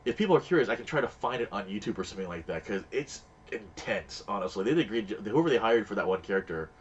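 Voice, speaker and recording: A man's voice: fairly low pitch, expressive, fast, muffled recording, slight background noise. A man streaming a game and chatting casually, telling stories in a rambling way and acting out the voices of the people in them. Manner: rambling storyteller, acts out quoted voices. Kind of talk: casual chat while gaming.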